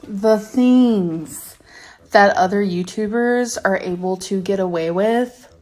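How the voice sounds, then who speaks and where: A woman's voice: mid-range voice, slow, a little mellow, faint music behind. A woman in her thirties ranting angrily to camera in a vlog, swearing and stressing her words. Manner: angry, profane, emphatic rant. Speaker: YouTuber.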